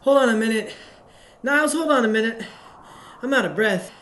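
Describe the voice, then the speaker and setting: A man doing a cheeky young teenage boy for a storybook reading, pitched well up and bouncing all over the place. He sounds whiny and halting, a kid who talks back even while he catches his breath. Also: heavily acted. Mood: winded. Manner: whiny, halting, playfully defensive.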